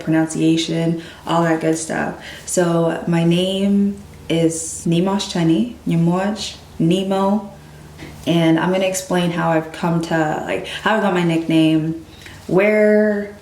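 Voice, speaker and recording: A young woman vlogger talking casually to her camera, telling stories and acting out what other people said. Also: fairly low pitch. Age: young adult. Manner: animated, quotes others in lively voices. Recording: echoey room.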